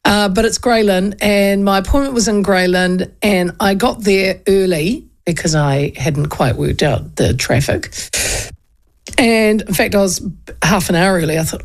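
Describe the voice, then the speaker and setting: A woman's voice: lowish voice, measured pace. A woman with a New Zealand accent hosting a radio show, telling stories in a chatty, self-mocking way and acting out what people said. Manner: chatty, animated, self-mocking, acts out quotes. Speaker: radio host. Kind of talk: casual radio chat and storytelling.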